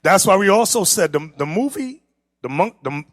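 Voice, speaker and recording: High, lively male class instructor. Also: moderate pace, no echo, studio quality. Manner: animated, teasing, laughs often, talks straight to the room. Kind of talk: lively classroom lecture with pictures.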